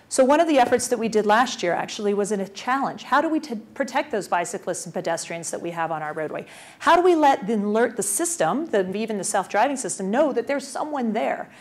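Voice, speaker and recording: A woman giving a conference presentation as a transportation official, energetic and full of rhetorical questions. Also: fairly high pitch.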